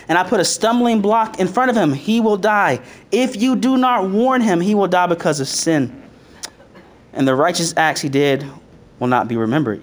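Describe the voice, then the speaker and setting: A preacher giving a casual, conversational sermon. Reads scripture aloud, then retells it in slang, with frequent "like", restarts and laughter. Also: mid-range voice. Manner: loose and chatty, heavy use of "like", repeats phrases; laughs often between points.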